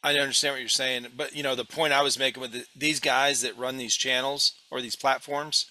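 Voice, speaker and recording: A middle-aged man hosting a casual podcast, blunt and outspoken, with swearing and lively asides. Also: mid-range voice, a little fast. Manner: blunt, swearing, animated storyteller. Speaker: podcast host.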